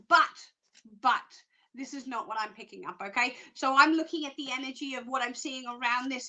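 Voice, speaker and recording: A woman giving live psychic readings, chatty and excitable, rambling with fillers and restarts. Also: high-pitched. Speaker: psychic reader.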